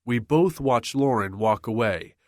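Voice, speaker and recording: A man narrating a first-person romance audiobook in a measured, brooding manner. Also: medium pitch, lively intonation, no room sound, clean studio sound.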